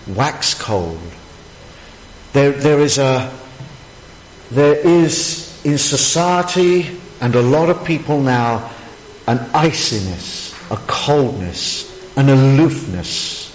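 Slow, emphatic preacher in a hall. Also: male voice, medium pitch, slight background noise. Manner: emphatic preaching, rhetorical questions, pauses. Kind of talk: sermon. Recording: echoey hall, faint ambience.

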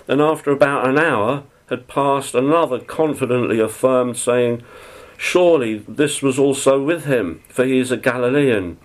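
A man's voice: medium pitch, normal speed, poor audio. Guy giving a bible sermon, reads a verse then talks it through, earnest and chatty. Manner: reads scripture then explains it in an earnest, conversational way. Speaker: preacher.

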